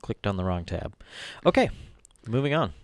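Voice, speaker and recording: A man's voice: fairly low pitch, big pitch swings, moderate pace, no room sound. A man co-hosting a podcast, reading news stories aloud and joking between them in casual chat. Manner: jokey, reads headlines aloud with asides. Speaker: podcast co-host.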